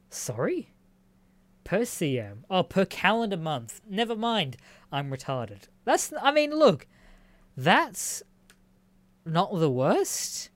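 A man's voice: on the high side, sing-song, a little slow, dry recording. A young Australian man hosting a casual solo podcast, reading news aloud and reacting with swearing and frequent laughter. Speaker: podcast host.

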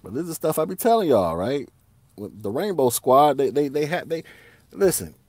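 A man rants on his own podcast in loose street slang, his pitch swinging widely as he laughs and circles back over the same points. The sound is dry and close, with no room echo. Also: moderate pace. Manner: animated, slangy, laughs often, repeats himself. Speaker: podcast host. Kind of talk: casual solo podcast rant.

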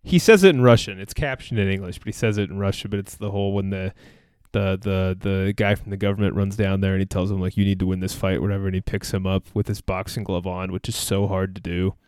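Stat-quoting man with a low, mellow voice. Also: steady tone, quick pace, few pauses, smooth, no echo, studio quality. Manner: rattles off statistics eagerly, stumbling and restarting. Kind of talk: casual sports podcast chat.

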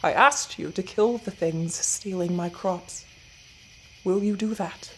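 A woman voicing a gruff, growling middle-aged male farmer and landlord in an audio fiction story. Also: mid-range voice, slow, a bit bright, a little hiss or hum, poor audio.

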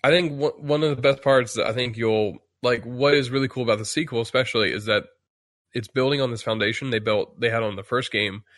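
A man's voice: medium pitch, brisk, a bit bright, dry recording, clean studio sound. A man chatting casually on a podcast, rambling with many restarts and fillers while acting out quotes. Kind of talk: casual chat.

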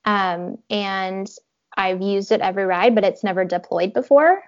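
A woman casually chatting, telling an animated personal story and acting out what people said. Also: mid-range voice, moderate pace, muffled recording. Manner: animated storytelling, acts out quotes, laughs often. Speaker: horse rider telling her story. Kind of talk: casual podcast chat.

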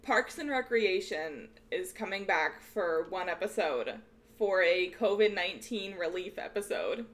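A young woman co-hosting a casual podcast, gushing and excitable, swearing freely. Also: medium pitch. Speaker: podcast co-host. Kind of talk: casual chat.

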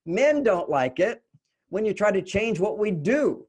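A man's voice: sits high, very animated, a little slow, a little mellow, breathy edge. An older man, a relationship author being interviewed, explaining earnestly and briefly acting out the voices of the people he quotes. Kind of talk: conversational interview.

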